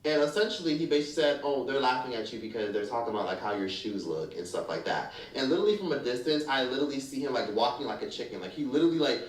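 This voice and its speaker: A man's voice: mid-range voice, animated, racing, hardly any pauses. A man telling a story as a commentary YouTuber, candid, blunt and profane. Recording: echoey room, distant mic.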